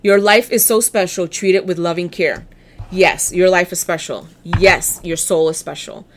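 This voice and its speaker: A woman's voice: fairly low pitch, fairly even intonation, moderate pace. A woman giving a casual tarot reading, blunt, chatty and encouraging, often restarting her sentences. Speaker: tarot reader.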